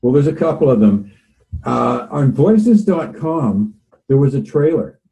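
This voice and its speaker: A man in his sixties speaks as an interview guest, his voice deep in tone and strikingly dark and mellow. He rambles casually, pausing with fillers as he searches for figures. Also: animated, vocal fry, rough recording. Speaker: voice actor guest.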